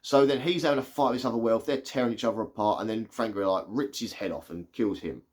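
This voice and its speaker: A man's voice: on the low side, fast. Chatty man retelling a film. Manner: chatty, excitable retelling full of "like". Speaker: movie reviewer. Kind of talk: casual spoiler review.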